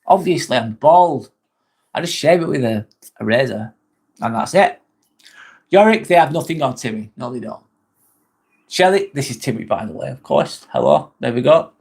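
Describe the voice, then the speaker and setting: A man's voice: medium pitch, animated, normal speed, vocal fry, pauses often, a little mellow, husky. A man with an English accent hosting a casual live stream, reading out chat comments, chatty, swearing casually and laughing often.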